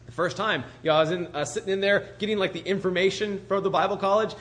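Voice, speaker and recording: A man delivering a sermon in a slightly raised voice, lively and conversational. He preaches with rhetorical questions to his congregation and slips into the voices of the people he quotes. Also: high-pitched, fast. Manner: animated, rhetorical questions, acts out voices of others. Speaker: pastor planting a church.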